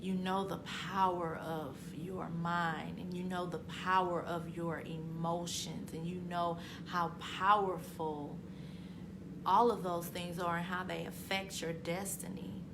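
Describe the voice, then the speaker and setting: A woman's voice: fairly low pitch, level tone, slow pace, gravelly, noisy background. A woman author and motivational speaker giving an inspirational self-help talk, emphatic and repetitive, with casual conversational phrasing that swells into passionate peaks.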